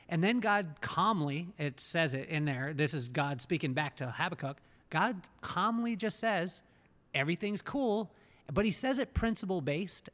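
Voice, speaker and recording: A man hosting a conversational podcast, with a voice that sits fairly high. He tells stories with energy and slips into voices as he retells them. The room gives his voice a long, ringing reverb. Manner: animated storyteller, acts out voices in retellings. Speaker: podcast host. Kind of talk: conversational interview.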